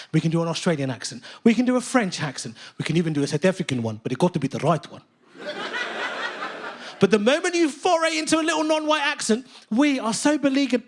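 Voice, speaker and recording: A British man doing stand-up on a theatre stage, animated, profane and mock-indignant. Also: high-pitched. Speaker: stand-up comedian. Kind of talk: stand-up comedy. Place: theatre stage with live audience.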